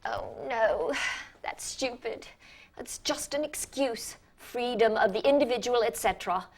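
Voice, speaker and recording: A woman's voice: fairly high pitch, vocal fry, a bit bright. Hesitant woman in a stage monologue. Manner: hesitant, self-doubting, halting with stammered restarts. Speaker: actor playing a hospital doctor. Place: stage performance.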